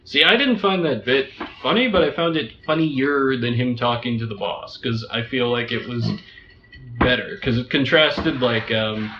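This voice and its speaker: A man's voice: mid-range voice, moderate pace, slight background noise. A man co-hosting a casual film review podcast, dry and blunt in his criticism. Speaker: podcast co-host. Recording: echoey room, dull lo-fi sound.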